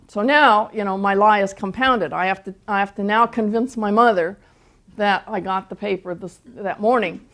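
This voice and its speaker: A woman's voice: medium pitch, moderate pace, a bit bright. An older woman, a Christian teacher, telling a personal testimony in a storytelling way, often restarting her words.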